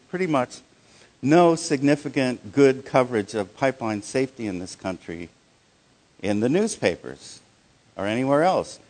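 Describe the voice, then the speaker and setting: A man leading a live workshop, speaking in a conversational, halting way with many restarts and fillers, checking in with his audience. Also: mid-range voice. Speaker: workshop presenter.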